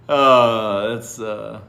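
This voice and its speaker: A man's voice: medium pitch, vocal fry, a bit bright, echoey room. A man hosting a live stream, giving blunt, teasing advice to viewer comments and often asking "what?" in disbelief. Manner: blunt, swears freely. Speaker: livestream host answering viewer comments. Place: indoor room during a live stream.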